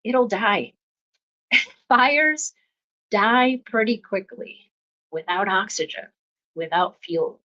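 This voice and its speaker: A woman hosting a self-help podcast, talking calmly about pausing before reacting, with steady, repeating coaching phrases and soft laughs. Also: medium pitch, lo-fi sound. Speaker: podcast host. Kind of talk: reflective self-help talk.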